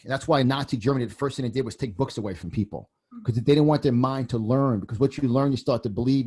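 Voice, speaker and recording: A man's voice: mid-range voice, darkish tone. A man in his fifties from New York, with a New York accent, talking as a podcast guest in an intense, emphatic way and often repeating phrases. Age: 50s. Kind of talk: impassioned political talk.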